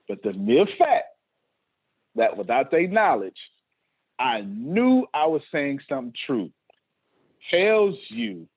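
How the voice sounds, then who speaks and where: Husky man preaching over a tinny call. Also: mid-range voice. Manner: preachy, repeats phrases, laughs often. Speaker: host. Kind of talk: motivational talk to staff on a video call. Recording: tinny phone-like call audio.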